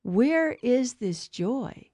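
A woman co-host teaches about faith in a conversational way. She tells stories earnestly and acts out the voices she quotes. Her voice sits a little high, and the recording is dry and close. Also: expressive, very slow, warm tone, dry recording. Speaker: co-host of a Catholic talk show.

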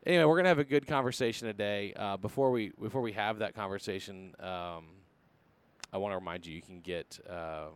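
A man's voice: on the low side, brisk, smooth. A man hosting a podcast in casual chat, joking and rambling with many restarts and fillers. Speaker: podcast host.

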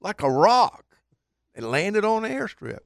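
A man voicing amazed rednecks in a joke, with a drawling Southern redneck accent and high, incredulous voices. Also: big pitch swings, measured pace, gravelly, dry recording, studio quality, full character voice. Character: three rednecks from a joke, factory lunchroom workers.

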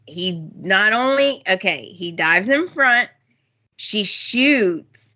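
A woman's voice: medium pitch, expressive, slow pace, pushed and bright, highs cut off. A woman co-hosting a podcast, retelling soap opera scenes in emphatic casual chat. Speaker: podcast co-host.

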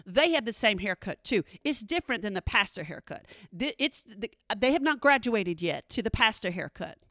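A woman's voice: medium pitch, lively intonation, normal speed, pushed and bright, dry recording. A woman doing stand-up comedy, sassy, with dry asides. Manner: sassy, dry asides, drops into mimicked voices.

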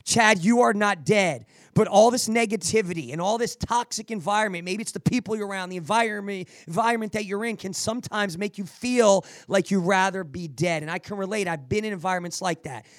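A man with a fairly high voice delivers motivational advice as a podcast host, energetic and preachy. He often stumbles back over his words as he pushes his point, and the recording is dry and close. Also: fairly quick, few pauses, no room sound. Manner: energetic, preachy, repeats words while restarting. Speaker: podcast host answering listener questions.

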